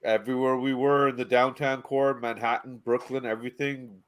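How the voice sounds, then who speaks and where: A man's voice: medium pitch, moderate pace. A man co-hosting a podcast, telling travel stories in casual chat and swearing freely. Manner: animated storyteller, swears freely. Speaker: podcast co-host.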